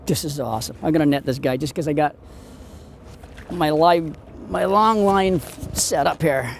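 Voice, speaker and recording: A man hosting a fishing show, giving excitable, exclamatory commentary outdoors from a boat on a lake. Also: fairly high pitch, moderate pace, creaky, a little hiss or hum. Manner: excitable, exclamatory, talks to the fish.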